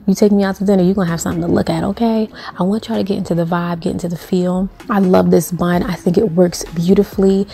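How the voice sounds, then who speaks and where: A woman's voice: on the low side, fairly even intonation, quick pace, gravelly, few pauses, warm tone. A young woman talking through a hair tutorial in a sassy, playful, chatty way. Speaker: beauty vlogger.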